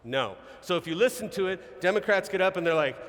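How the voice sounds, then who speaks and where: A man giving an energetic live seminar talk as a sales trainer, peppering his points with "okay?" and "right?". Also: sits high, brisk. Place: large event hall. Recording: reverberant event hall.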